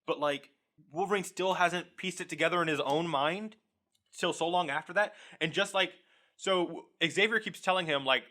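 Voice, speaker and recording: Bright-voiced man chatting casually. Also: fairly high pitch, moderate pace. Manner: laughs often, swears freely, acts out quoted lines. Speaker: podcast co-host. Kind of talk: casual chat.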